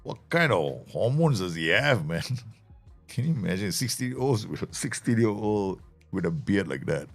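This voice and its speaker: A very deep-voiced man with a lilt streams a game live, his voice gravelly and swinging lively up and down. He talks in a chatty, animated, joking way, with soft music playing faintly behind him. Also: measured pace. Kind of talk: live gameplay commentary.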